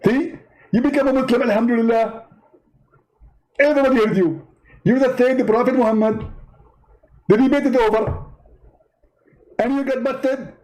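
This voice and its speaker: A man doing a high-pitched smug preacher. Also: darkish tone, poor audio. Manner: haughty, scolding, quick to insult. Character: smug, pompous male preacher debating. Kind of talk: parody debate skit.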